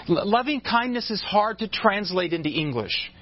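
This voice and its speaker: A man's voice: high-pitched, sing-song, normal speed, slightly rough, muffled recording. A man preaching a sermon in a conversational way, restarting phrases and joking with his congregation. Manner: conversational, with frequent restarts and asides. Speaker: pastor.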